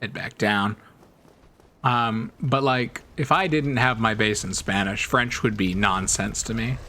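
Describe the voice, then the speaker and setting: A man's voice: fairly low pitch, a little slow, pushed and bright, slight background noise. A man streaming a game, telling stories in a rambling, chatty way and laughing often. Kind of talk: casual chat while gaming.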